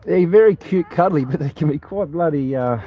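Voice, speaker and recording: A man's voice: a little high, fairly quick, warm tone. A man with an Australian accent chatting casually outdoors, blunt and matey with frequent swearing.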